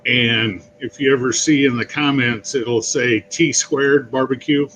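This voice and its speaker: A man's voice: medium pitch, unhurried, lo-fi sound, a little hiss or hum. A man, a barbecue YouTuber, telling chatty stories in a casual talk. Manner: chatty, animated storyteller. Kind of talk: casual chat.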